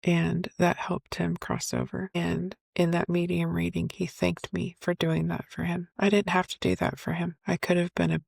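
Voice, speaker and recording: A middle-aged woman host telling her own painful story, candid and emotional, with halting restarts. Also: fairly low pitch, completely flat delivery, creaky, a little mellow, breathy edge, no echo, studio quality. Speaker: podcast host. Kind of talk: personal storytelling.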